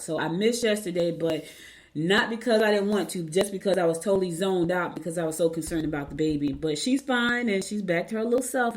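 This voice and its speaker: An older woman hosts a morning show, chatting casually with viewers, whom she calls y'all, as she tells an animated story. Her voice is fairly low in pitch.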